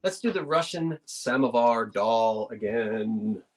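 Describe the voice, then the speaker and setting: A woman's voice: very deep voice, expressive, takes it slowly, a little mellow. A woman hosting a live online sale, describing an item in casual, rambling chat full of asides.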